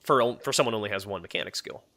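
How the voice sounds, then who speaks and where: A man's voice: lowish voice, very fast, sharp tone. A young man streaming a game, chatting casually with his viewers in a rambling way. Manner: rambling, talks to chat, many fillers and restarts. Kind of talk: casual live-stream chat.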